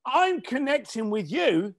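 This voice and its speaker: A man's voice: very high-pitched, sing-song, a little slow, gravelly. A middle-aged man from East London, a guest entrepreneur and author, telling stories in a casual interview in a blunt, emphatic way. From East London, England.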